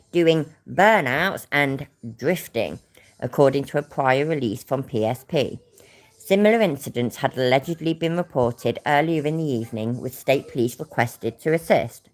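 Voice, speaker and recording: A woman with a British accent and a low voice reads out a news report and then reacts to it. She is blunt and sarcastic and swears freely. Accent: British English. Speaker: commentary channel host. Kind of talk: reacting to a news story and clip.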